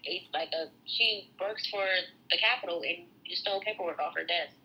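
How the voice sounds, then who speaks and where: A woman joins a podcast as a guest for casual opinion chat. Her voice is bright and sharp, and her delivery is blunt, profane and openly incredulous. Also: lowish voice, a little fast, rough recording.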